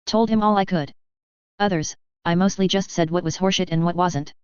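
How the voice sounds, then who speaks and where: An earnest, loyal young guard who speaks plainly, as a woman reads him. The voice is low and very smooth. The recording is dry. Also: steady tone, fairly quick, a little mellow, no echo, lightly acted. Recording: slightly dull, dry lo-fi recording.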